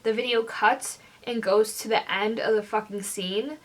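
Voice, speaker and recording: Young woman going off in an angry rant, kinda high voice, swears a lot, tons of "like". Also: steady tone, a little slow, fairly bright tone. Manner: heated, swearing, lots of fillers. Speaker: vlogger.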